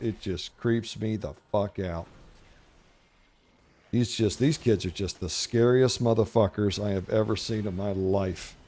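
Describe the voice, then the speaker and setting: Lowish in pitch and dark in tone, this middle-aged gaming-channel host spins rambling, jokey, profane stories over his gameplay commentary, brash throughout.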